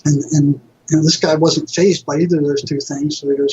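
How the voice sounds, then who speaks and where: A man's voice: on the high side, flat delivery, brisk, darkish tone, husky. A retired psychotherapist telling vivid anecdotes in a casual interview, acting out quoted voices as he goes. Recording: dull lo-fi audio.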